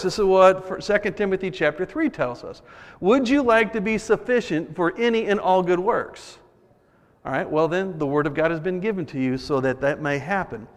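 A man's voice: high voice, animated, normal speed. A man delivering a sermon as pastor, reading scripture and preaching in an earnest, emphatic way with repeated phrases. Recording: long hall reverb.

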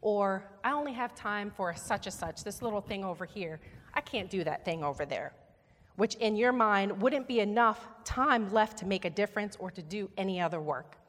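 A woman's voice: medium pitch, expressive, normal speed, fairly bright tone. A woman preaching a sermon in a church sanctuary, her voice carrying a long reverb off the walls. Her delivery is earnest and emphatic, and she coaxes listeners to repeat her words back. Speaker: guest preacher.

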